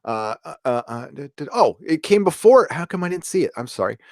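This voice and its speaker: A man's voice: on the high side, big pitch swings, fairly quick, a little mellow, no room sound. Rambling man, dry close sound. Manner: rambling, many fillers and restarts. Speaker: livestream host reading chat. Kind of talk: casual live chat.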